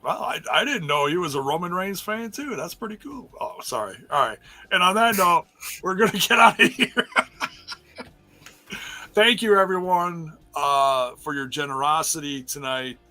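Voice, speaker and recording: A man hosting a late-night stream, tired after hours on air, warmly thanking the audience as he wraps up. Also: fairly high pitch, lively intonation, moderate pace, soft background music. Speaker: podcast host.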